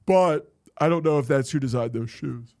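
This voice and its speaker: A man's voice: mid-range voice, normal speed, darkish tone. A man co-hosting a comedy podcast, joking casually and swearing a lot while he acts out little scenes. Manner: joking, profane, acts out characters. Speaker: podcast co-host.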